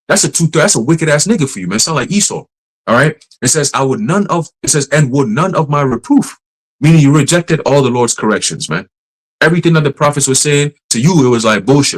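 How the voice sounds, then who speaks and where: A man preaching casually on a livestream, blunt and profane, laughing often and slowing down to read scripture verses. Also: mid-range voice, lively intonation, poor audio.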